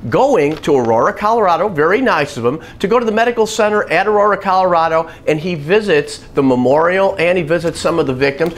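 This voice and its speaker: Man, vlogger, high voice, blunt, sarcastic, emphatic opinion rant. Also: a little hiss or hum. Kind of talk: opinionated commentary vlog. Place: Chicago.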